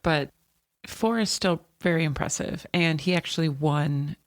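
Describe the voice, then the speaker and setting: A woman's voice: low-pitched, unhurried, no echo, studio quality. A woman co-hosting a horror book podcast, chatty, laughing often and correcting herself as she goes. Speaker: podcast co-host. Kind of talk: casual chat.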